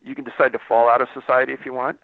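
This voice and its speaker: A man's voice: mid-range voice, level tone, rapid-fire, gravelly, dry recording. A man, a former law enforcement investigator, telling a story as a radio interview guest and acting out the dialogue. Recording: dry, tinny phone line.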